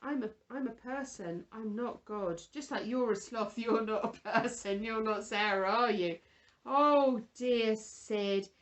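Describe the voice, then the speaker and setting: A woman presenting a children's Bible lesson, talking gently and with exaggerated feeling to toddlers and a puppet. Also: fairly high pitch, a little slow.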